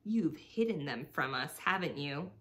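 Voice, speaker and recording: A woman voicing a greedy, bullying female rat with a raspy, wheezing, screeching voice. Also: sits low, lively intonation, measured pace, a bit bright. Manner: screeching, snapping.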